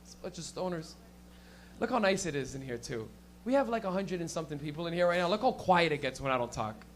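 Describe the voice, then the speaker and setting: A man's voice: on the high side, animated, quick pace, a little hiss or hum. A young man doing stand-up, loose and profane, working and teasing the crowd. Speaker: stand-up comedian.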